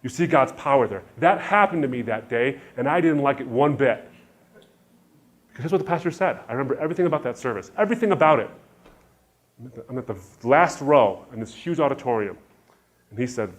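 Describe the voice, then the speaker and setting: Middle-aged male speaker, testimony talk, lively storyteller, mid-range pitch. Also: fairly quick. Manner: animated storytelling, acting out dialogue. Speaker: Christian speaker.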